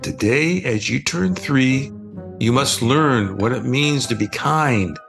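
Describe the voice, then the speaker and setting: An older man reading the lines of a calm, patient father who guides his children gently. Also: medium pitch, takes it slowly, creaky, over music. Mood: calm, firm.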